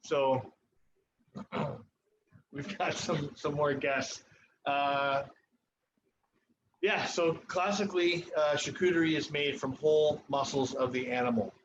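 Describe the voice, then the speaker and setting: A man, a chef and cooking instructor, giving a relaxed live cooking demonstration in a ski club kitchen, pausing often as he explains. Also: fairly high pitch. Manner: relaxed, instructive, with frequent pauses. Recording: muffled online stream with background noise.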